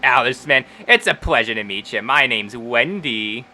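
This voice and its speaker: A man's voice: mid-range voice, expressive, normal speed, sharp tone. A man voicing a flirty, skinny halfling woman who runs a bathhouse, with a sing-song, fawning way of talking in tabletop role-play. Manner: sing-song, fawning, calls people cutie and darling.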